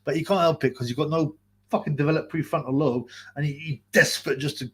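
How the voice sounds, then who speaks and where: Man, husky voice, fairly high pitch, casual livestream rant, swears a lot. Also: steady tone. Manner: profane, rambling, quick to laugh. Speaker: livestream host.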